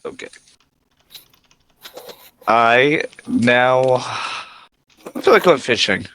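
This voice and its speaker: A man's voice: mid-range voice, lively intonation, drawn-out words, fairly bright tone, slight background noise. A man player in a tabletop game on a call, easygoing and upbeat. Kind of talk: casual play.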